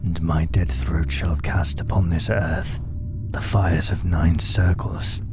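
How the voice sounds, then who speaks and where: A man voicing an ancient, vengeful drowned spirit in a slow, solemn horror monologue, deep and partly whispered. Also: steady tone, music in the background. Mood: menacing. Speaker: narrating entity in an analog horror video.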